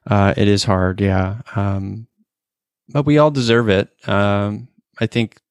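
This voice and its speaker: A man's voice: on the low side, steady tone, slow, clean tone, no room sound, studio quality. A man of forty hosting a casual interview, talking earnestly with frequent restarts and fillers. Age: 40s. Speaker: podcast host.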